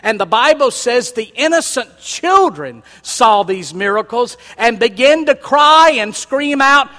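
A man preaching a sermon as pastor, building from quiet explanation to loud, emphatic calls. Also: extremely high pitch, big pitch swings, a little slow, hardly any pauses. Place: church sanctuary. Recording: long hall reverb.

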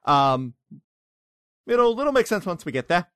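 A man's voice: high-pitched, measured pace, clear, resonant tone, no room sound, clean studio sound, pitched above the performer's own voice, heavily acted. A man putting on a folksy drawling rider. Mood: cheerful. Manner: folksy, warmly flattering. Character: friendly drawling human man rider, about forty.

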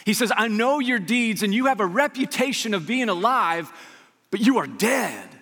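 A man preaches with a high, bright, forceful voice that rings out through a large hall with a long reverb. He keeps it casual and lively, throwing asides to the congregation as he goes. The delivery is that of a pastor mid-sermon. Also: normal speed. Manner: energetic, conversational preaching with frequent rhetorical asides.

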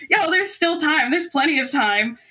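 A young woman telling a funny personal anecdote as a podcast guest, animated and self-deprecating, laughing often. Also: high-pitched, unhurried, background noise. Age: young adult. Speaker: guest storyteller.

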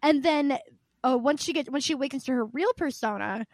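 A woman with a high voice chats casually about games on a podcast. She tells her stories with lively energy and swears freely. The recording sounds dry and close. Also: fairly quick, no echo. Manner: animated, profane storytelling. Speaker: podcast co-host. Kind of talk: casual video game chat.

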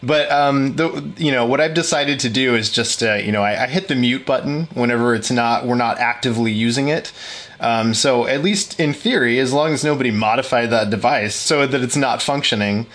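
A man co-hosting a podcast talks in a casual, hesitant way. He restarts his sentences often and chuckles now and then. His voice sits at a middle pitch. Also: normal speed, a bit bright. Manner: hesitant, many restarts and fillers, laughs often. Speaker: podcast co-host.

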